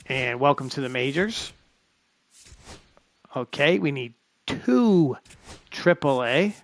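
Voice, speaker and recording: A man's voice: mid-range voice, animated, takes it slowly. A man streaming a baseball management game, chatting to himself as he sorts through his roster. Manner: chatty, talks to himself while sorting players. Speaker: gaming streamer. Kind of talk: live commentary while playing a baseball game.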